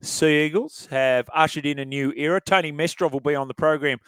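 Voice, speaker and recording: A man's voice: fairly high pitch, steady tone, quick pace, fairly bright tone, smooth, no room sound. An Australian man hosts sports talk radio in a casual, opinionated way, chuckling between points. The studio sound is dry and close, with no room around his voice. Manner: chatty, opinionated, chuckles as he talks.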